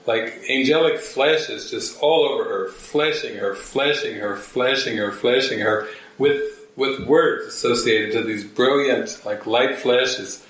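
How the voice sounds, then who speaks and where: A man's voice: medium pitch, unhurried, a bit bright. A man, a spiritual teacher, telling a story to a gathering and acting out quotes in shifting voices. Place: church hall. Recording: very echoey room, mic far off.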